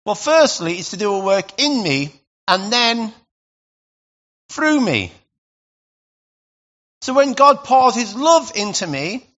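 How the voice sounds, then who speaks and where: Bright high-voiced male preacher. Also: lo-fi sound. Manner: animated, conversational preaching with sudden loud bursts. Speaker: pastor. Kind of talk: sermon.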